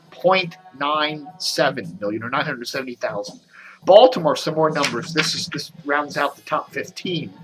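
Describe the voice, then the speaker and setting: Guy rambling thru his show, bit higher voice, talking funny from a mouth sore, faint music behind. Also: a bit bright. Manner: rambling, chatty, reads out numbers. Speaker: host. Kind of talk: casual video commentary.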